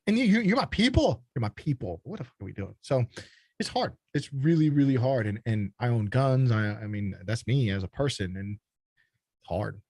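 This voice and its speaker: A man's voice: mid-range voice, lively intonation, normal speed, a little mellow, breathy edge, no room sound. A man from Texas, a company founder, talking bluntly and freely in a casual podcast conversation, swearing often. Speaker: guest, startup founder.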